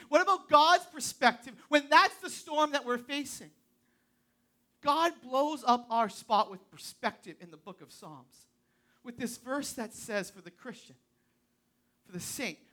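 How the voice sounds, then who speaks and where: High bright woman preaching. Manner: swings between loud emphatic preaching and hushed quiet; casual, slangy asides. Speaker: youth preacher. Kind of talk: sermon.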